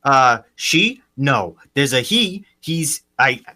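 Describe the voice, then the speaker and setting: A man's voice: mid-range voice, very animated, bright, forceful tone, exaggerated voice. A man improvising a groom who hesitantly hints at a scheme, in live improv comedy. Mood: scheming. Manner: halting, hesitant, full of ums. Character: groom hinting at a sly arson scheme.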